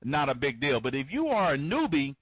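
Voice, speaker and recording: A man's voice: a little high, wildly swooping pitch, brisk, a bit bright, slightly rough, no room sound, highs cut off. A man hosting an online members' conference, rambling and repeating himself, stammering through restarts and greeting attendees by name. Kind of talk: live webinar talk.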